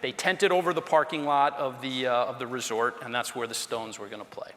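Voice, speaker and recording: A man, a former presidential aide, telling an anecdote during a lecture in an animated way and acting out the dialogue. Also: medium pitch, fairly quick. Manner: animated storyteller, acts out quoted dialogue. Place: lecture hall. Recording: reverberant hall sound.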